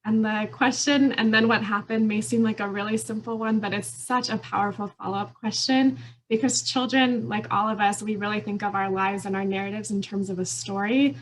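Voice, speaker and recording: A woman's voice: mid-range voice, steady tone, a little fast, a little hiss or hum, poor audio. A woman lawyer giving an earnest, explanatory conference presentation with occasional fillers. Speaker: immigration attorney.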